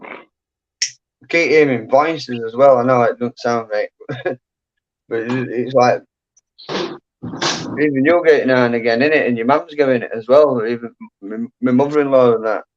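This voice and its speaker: A chatty man talks at a middling pitch, rambling along with plenty of fillers. He is a casual livestream host speaking from home. The sound is dull and lo-fi. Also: normal speed, long pauses. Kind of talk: casual chat.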